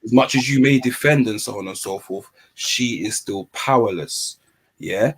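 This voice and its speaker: A man's voice: fairly low pitch, normal speed, a crowd in the background. A man in casual podcast chat, talking earnestly and emphatically, often repeating himself.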